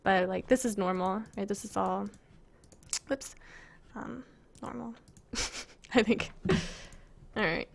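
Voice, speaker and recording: A woman's voice: mid-range voice, slow, gravelly, long pauses. A woman casually chatting on a live stream as she shows her game-making work, giggling and rambling as she reads viewer questions aloud.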